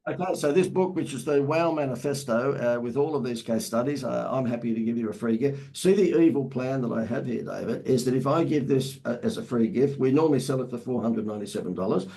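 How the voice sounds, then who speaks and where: A man's voice: medium pitch, fairly quick, creaky, few pauses, mellow, poor audio. A man, a marketing expert talking as an interview guest in a salesy, emphatic way that repeats phrases. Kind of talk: casual interview talk.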